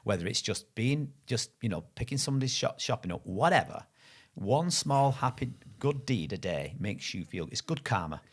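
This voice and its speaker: A man's voice: medium pitch, very animated, normal speed, breathy edge. A middle-aged man, a martial arts instructor and guest, telling stories in casual conversation, chatty and rambling, often correcting himself. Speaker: guest, Thai boxing instructor.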